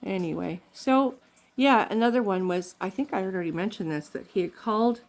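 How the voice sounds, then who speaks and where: A woman's voice: mid-range voice, a little fast. An older woman from Canada telling rambling, funny family stories in a casual vlog, laughing often. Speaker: vlogger.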